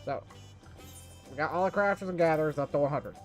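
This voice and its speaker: A male streamer talking loosely over his gameplay, often restarting his sentences and chuckling. His voice sits a little high, and faint music plays underneath. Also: fast. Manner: rambling, self-correcting, chuckles often. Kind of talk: casual game stream commentary.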